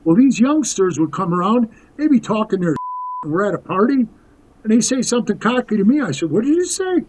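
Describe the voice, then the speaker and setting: Man, 60s, high-pitched voice, rambling, tough-talking, casual storytelling guest. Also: lively intonation, brisk, a little mellow, slight background noise, rough recording. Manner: rambling, tough-talking, calls the host "bro".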